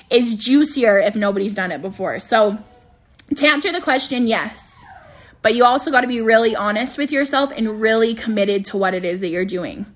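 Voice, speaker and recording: A woman's voice: on the high side, fairly bright tone. A woman in her thirties hosting her own podcast from home, giving candid, casual business advice, laughing easily and often saying "like", her voice starting to wear thin. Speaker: podcast host and business coach.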